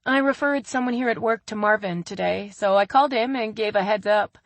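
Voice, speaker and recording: A woman's voice: medium pitch, a little fast, no room sound, pitched above the performer's own voice, lightly acted. A woman reading the lines of a playful, cheerful young professional woman in a romance story. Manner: cheerful, playful, soft at times.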